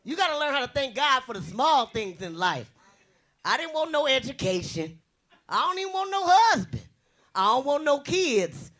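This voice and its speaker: A young woman from the US West Coast works a comedy club stage with a big, bright voice. Her pitch leaps around as she fires off brash, bawdy punchlines. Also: big pitch swings, moderate pace. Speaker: stand-up comedian. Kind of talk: stand-up comedy routine.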